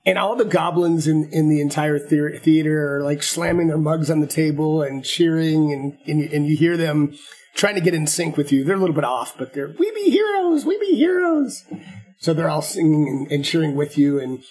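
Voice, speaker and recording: A man narrating as game master of a tabletop game, halting and repeating words as he goes. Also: on the high side, steady tone, a little mellow, breathy edge.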